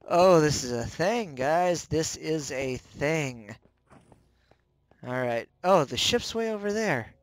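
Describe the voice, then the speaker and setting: Let's-play host, male, unhurried but jumpy commentary with yelps and self-mockery, dry close mic. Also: on the high side, animated, dry recording. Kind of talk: gameplay commentary.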